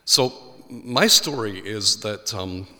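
Irish pastor preaching in a reverberant hall. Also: male voice, on the low side, slow. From Ireland. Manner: animated storyteller acting out quoted voices. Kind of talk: sermon storytelling.

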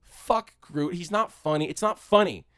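A man's voice: high-pitched, normal speed, fairly bright tone, clear, resonant tone, no echo, studio quality. A man co-hosting a podcast, talking casually about a movie in a rambling, profane way and mocking scenes by quoting them. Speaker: podcast co-host. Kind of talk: casual movie review chat.

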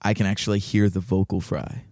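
A man co-hosting a casual podcast, cracking puns with halting restarts. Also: sits low, little pitch movement, darkish tone, dry recording, clean studio sound. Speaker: podcast co-host. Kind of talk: casual chat.

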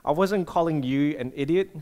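Man, pastor, casual conversational sermon, slightly high-pitched voice. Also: moderate pace, dark tone. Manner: casual and storytelling, asks the audience questions.

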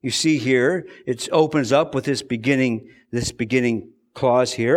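A pastor preaching an earnest sermon, repeating phrases for emphasis and moving between slow, deliberate stretches and quick bursts. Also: male voice, mid-range voice, fairly even intonation.

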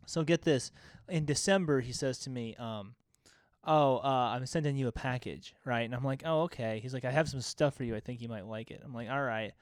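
A man co-hosting a podcast in casual chat, telling animated stories and swearing freely. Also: medium pitch, brisk, no room sound, studio quality. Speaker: podcast co-host.

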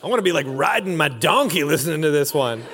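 High-voiced preacher man in a reverberant hall. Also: expressive, quick pace, noisy background. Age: 40s. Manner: casual, slangy storytelling with lots of "like" and "dude". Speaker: pastor. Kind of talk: sermon. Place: church auditorium. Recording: long reverb of a large hall.

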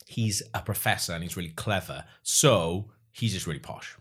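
Chatty Welsh man, lowish voice. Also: moderate pace, fairly bright tone, breathy edge. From Wales. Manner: chatty, rambling with fillers and asides. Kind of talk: casual chat.

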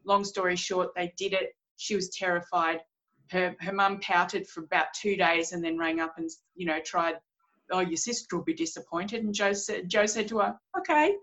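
A woman's voice: lowish voice, steady tone, moderate pace, a bit bright, low-quality recording. A woman in her forties hosting a casual podcast chat, speaking bluntly and emphatically as she tells a client story.

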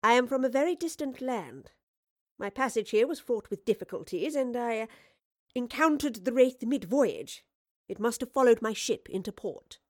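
A woman's voice: a little high, lively intonation, moderate pace, dry recording, clean studio sound, pitched above the performer's own voice. A stern woman professor, guarded and probing, voiced by the storyteller herself. She hesitates and dodges when pressed. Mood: evasive.

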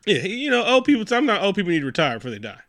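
Bright, laughing man riffing on a movie. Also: high voice, sing-song, rapid-fire, no room sound. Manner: rambling, laughing, profane, acts out characters. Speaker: podcast co-host. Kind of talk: casual movie review chat.

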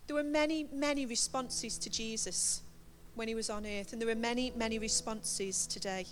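A woman's voice: on the high side, fairly even intonation, moderate pace. A woman preaching a sermon from a church stage, earnest and emphatic as she encourages the congregation.

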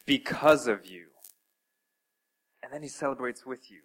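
A man's voice: mid-range voice, expressive, a little slow, long pauses, husky, rough recording. Earnest man preaching a sermon. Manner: earnest, with wide swings in loudness; talks to listeners with direct questions.

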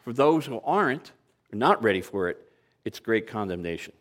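A man's voice: lowish voice, big pitch swings, moderate pace. A man in his sixties preaching a sermon to a congregation, conversational and lightly humorous, asking the listeners rhetorical questions. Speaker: pastor.

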